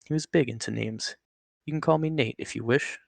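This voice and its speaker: A friendly old male rattlesnake who talks as if biting strangers were ordinary business, as a man reading the story puts him on. The voice is gravelly and sits a little above the reader's own, with a chatty, wry, matter-of-fact delivery. The recording is close and dry. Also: mid-range voice, fairly quick, no room sound.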